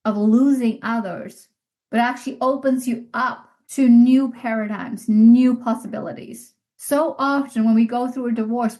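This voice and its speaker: A middle-aged woman hosts a reflective solo podcast in a voice pitched a little high. She talks earnestly and from the heart, often repeating a phrase to stress it. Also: a little mellow, poor audio. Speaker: podcast host.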